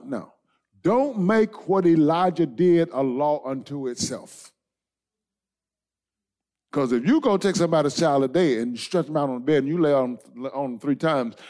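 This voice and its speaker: A man preaching a sermon as pastor, emphatic, swinging from shouted lines to soft asides and dropping in amens. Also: fairly high pitch. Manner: punctuates with amen and all right.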